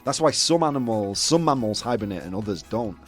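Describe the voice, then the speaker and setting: A man's voice: on the low side, animated, fairly quick, faint music behind. A young man from the UK hosting a casual chat show, rambling with lots of fillers and restarts. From United Kingdom. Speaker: host.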